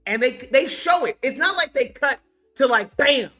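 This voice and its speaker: Film-rant YouTuber: lively pitch, heavy swearing, acts out scenes, soft music bed. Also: normal speed. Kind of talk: casual profane movie-review rant.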